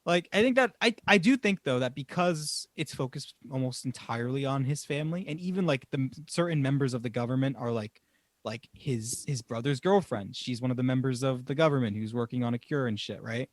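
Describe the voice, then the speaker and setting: A man's voice: mid-range voice, animated, brisk, dry recording, studio quality. A man co-hosting a casual podcast chat, rambling through his thoughts with frequent laughs and swearing. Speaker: podcast co-host.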